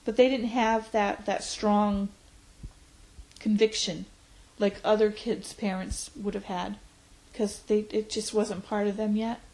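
A woman in her forties, reflecting on her life in an interview, pausing often with fillers. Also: medium pitch, level tone, a little mellow, rough recording. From United States. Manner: reflective, hesitant with frequent fillers. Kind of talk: oral history interview.

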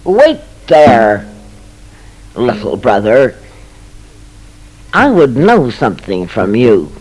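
Woman as an earnest young hunter: soft, low, hesitant, slow. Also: huge pitch swings, breathy edge, full character voice, low-quality recording. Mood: commanding. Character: earnest young male hunter, humble and gentle.

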